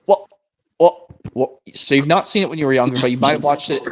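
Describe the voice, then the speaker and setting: A man's voice: medium pitch, a little hiss or hum. A young man streaming a casual chat, rambling and restarting his sentences as he compares versions of a show. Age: young adult. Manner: rambling, restarts sentences, reads narration aloud slowly. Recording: muffled lo-fi stream audio.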